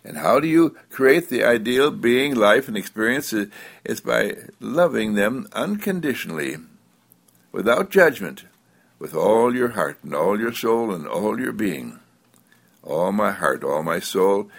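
Male spiritual speaker, gravelly and husky, animated swoops, slow drawn-out emphasis. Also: on the low side. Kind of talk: inspirational spiritual talk.

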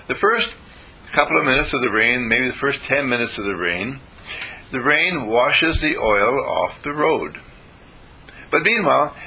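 Captured on poor audio, an older American man with a creaky, medium-pitched voice that's sharp and slightly rough gives students a rambling, folksy spiritual talk. His informal sermon is riddled with fillers and restarts.

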